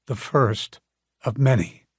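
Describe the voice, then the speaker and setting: A man narrating an audiobook in a calm, measured storytelling manner. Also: medium pitch, slightly rough, no echo, clean studio sound. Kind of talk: scripted narration.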